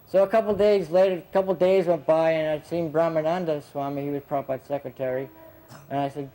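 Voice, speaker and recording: A man's voice: on the high side, steady tone, quick pace, warm tone, soft background music, rough recording. A man with a slightly raised voice tells old memories in an easy, rambling way. He laughs often and leans on fillers as he goes. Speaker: devotee recalling his time as a gardener. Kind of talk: casual anecdotal storytelling.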